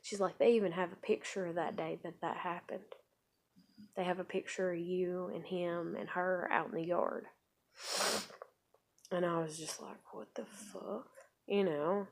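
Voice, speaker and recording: A woman, telling a personal story in a rambling, profane vlog, dropping to quiet asides and rising to loud outbursts. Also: fairly low pitch, fairly even intonation, measured pace. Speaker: vlogger.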